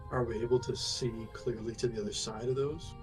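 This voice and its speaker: A man's voice: medium pitch, steady tone, a little fast, music in the background. A man playing a tabletop game, talking in an earnest, questioning way. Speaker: player. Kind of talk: casual tabletop play.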